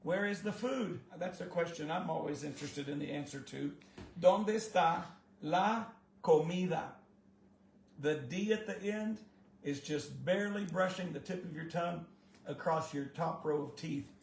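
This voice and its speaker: A man's voice: a little high, moderate pace, vocal fry, slight background noise. A man giving a casual spoken language lesson as the teacher, folksy and encouraging, with joking asides. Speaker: Spanish teacher. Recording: echoey room.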